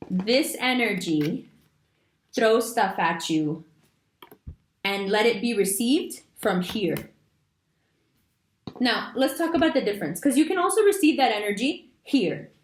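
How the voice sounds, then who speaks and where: A woman giving a monthly astrology reading, talking straight to her viewers in an animated, emphatic way with casual slang. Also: mid-range voice, reverberant. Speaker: astrology reader. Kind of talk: monthly horoscope reading to camera.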